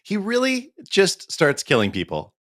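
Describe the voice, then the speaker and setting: This middle-aged podcast co-host has a high voice and speaks at a measured pace, telling stories in casual chat and animatedly acting out what people said. The sound is clean studio quality with no room sound.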